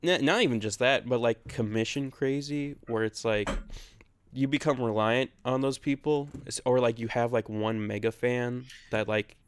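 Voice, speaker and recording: A man's voice: medium pitch, normal speed, slight background noise. A man co-hosting a podcast in casual chat, rambling a bit, laughing often and swearing loosely. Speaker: podcast co-host. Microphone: own separate recording.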